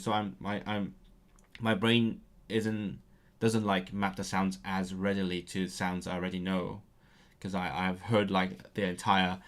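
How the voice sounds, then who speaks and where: A man in a casual online language lesson, halting and full of restarts as he searches for words, with bursts of excitement about grammar. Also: fairly low pitch.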